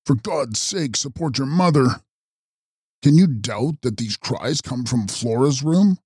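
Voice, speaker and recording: A man voicing a resolute middle-aged gentleman in a dramatized audiobook reading, calling out forcefully. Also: medium pitch, lively intonation, a little slow, husky, dry recording, studio quality. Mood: commanding.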